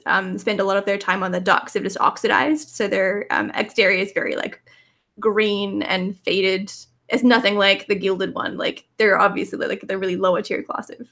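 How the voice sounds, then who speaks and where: A woman's voice: medium pitch, bright, forceful tone. A woman narrating her character's scenes in a tabletop role-playing game, casual and rambling. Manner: casual, rambling, many fillers.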